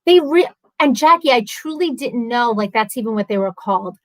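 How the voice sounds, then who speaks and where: A woman in her thirties talking openly on a live stream, candid and animated, answering viewer comments. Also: on the high side, normal speed, dry recording, poor audio. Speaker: vlogger.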